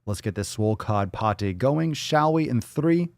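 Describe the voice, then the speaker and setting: A man's voice: fairly low pitch, lively intonation, normal speed, creaky. Hype, profane male livestream host. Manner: hype, profane, playful catchphrases. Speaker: podcast host. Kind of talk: casual livestream chat.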